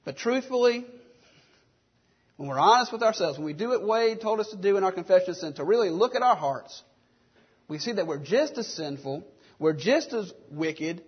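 A man's voice: high voice, expressive, moderate pace, slightly rough, muffled recording. A man preaching a sermon, earnest and driven by rhetorical questions. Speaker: pastor.

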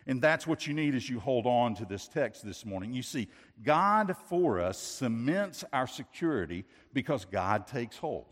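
Man, pastor, emphatic sermon, repeats lines, reverberant church hall. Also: medium pitch. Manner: emphatic preaching with rhetorical questions and repetition. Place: church sanctuary.

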